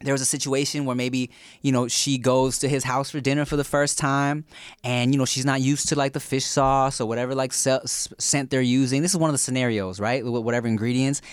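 A man's voice: medium pitch, steady tone, brisk, clear, resonant tone, no echo. A man hosting a podcast, telling stories in a loose, profane, casual way full of fillers. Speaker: podcast host.

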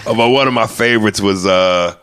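A man's voice: lowish voice, fairly bright tone, smooth. A male comedian hosting a podcast, chatting casually in a rambling, profane way with many restarts.

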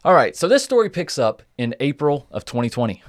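Male host, mid-pitched, dry close sound, casual storytelling with joking asides. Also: very animated, brisk, no echo. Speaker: podcast host. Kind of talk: casual podcast chat.

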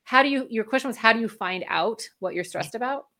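A woman's voice: fairly high pitch, animated, fast, pushed and bright. A woman guest speaking as a functional medicine practitioner, explaining in a conversational way and laughing often. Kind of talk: conversational interview.

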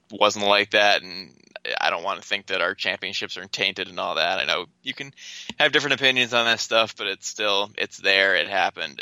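A man's voice: deep voice, sharp tone, smooth, no room sound, rough recording. A man co-hosting a casual sports podcast, giving plain opinions and teasing his co-host. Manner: teasing, matter-of-fact opinions.

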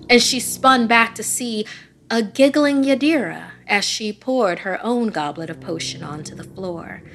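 A woman giving scripted, dramatic narration of a horror story, dropping to a hush in tense moments. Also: mid-range voice, slight background noise.

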